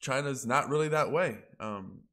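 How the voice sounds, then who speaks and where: A man's voice: mid-range voice, moderate pace, a bit bright. A man blogging about crypto in a casual ranting monologue, heated and profane, rambling as he goes.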